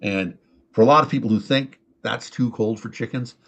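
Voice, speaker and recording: A man's voice: medium pitch, moderate pace, a bit bright. A man hosting a casual talk show, telling stories in a rambling way full of fillers and restarts. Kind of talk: casual chat, storytelling.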